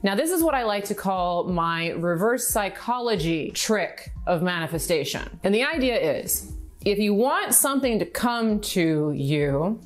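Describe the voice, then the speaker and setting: A middle-aged woman coaching on manifestation in an upbeat, instructive vlog style, slowing down to stress key words. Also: mid-range voice, big pitch swings, soft background music. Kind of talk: direct-to-camera teaching vlog.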